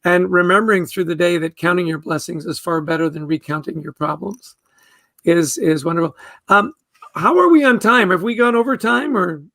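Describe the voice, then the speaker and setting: A man's voice: high voice, normal speed, pushed and bright, no room sound. A man who is a guest author, talking earnestly in a podcast interview and often repeating words as he starts a thought.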